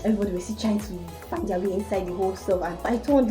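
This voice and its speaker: A woman's voice: medium pitch, fast talker, faint music behind, rough recording. A young woman telling a personal story casually to her viewers. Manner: animated storytelling. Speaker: vlogger.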